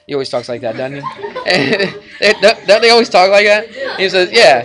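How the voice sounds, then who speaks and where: A man's voice: high voice, sing-song, normal speed, fairly bright tone. A male math teacher lecturing a class in a classroom, chatty and jokey, bantering with his students.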